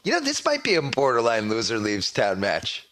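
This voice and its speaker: Male podcast co-host; bright tone, casual teasing sports chat. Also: medium pitch, huge pitch swings. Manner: quick, teasing banter.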